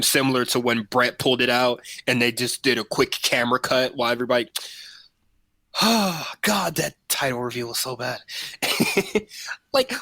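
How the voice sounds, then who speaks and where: A man's voice: mid-range voice, sharp tone, no room sound. A man co-hosting a casual wrestling podcast, rambling with many fillers and restarts. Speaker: podcast co-host.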